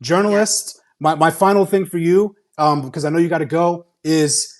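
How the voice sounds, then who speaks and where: A man's voice: a little high, steady tone, normal speed. Earnest man hosting an interview. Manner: earnest, rallying listeners to speak out. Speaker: host. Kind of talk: conversational interview.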